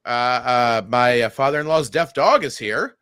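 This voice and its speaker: A man co-hosting a comedy podcast, trading crude, profane jokes in casual banter with a deadpan edge. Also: mid-range voice, normal speed, clear, resonant tone, dry recording, clean studio sound. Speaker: podcast co-host.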